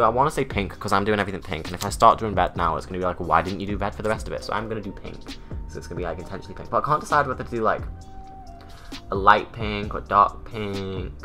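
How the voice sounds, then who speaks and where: A man's voice: on the low side, pushed and bright. Camp British man chatting through makeup. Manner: camp, self-mocking, rambling asides. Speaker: drag artist vlogger. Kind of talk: chatty get-ready-with-me tutorial.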